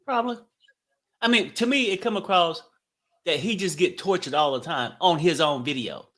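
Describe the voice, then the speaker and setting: A man with a bright, forward voice co-hosts a casual chat. He is laid-back and mostly gives short replies and agrees. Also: fairly high pitch, normal speed. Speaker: co-host.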